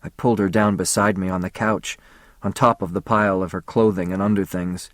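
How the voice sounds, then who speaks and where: Low-voiced man reading a story. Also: little pitch movement, fairly bright tone, no echo, studio quality. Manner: measured, intimate first-person narration. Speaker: narrator. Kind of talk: audiobook reading.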